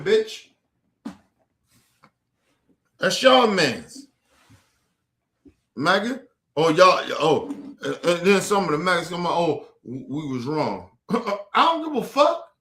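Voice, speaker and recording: Heated ranting man, high lively voice. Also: roomy sound. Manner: heated, profane, repetitive. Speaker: political commentary streamer. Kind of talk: ranting commentary. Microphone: streaming mic.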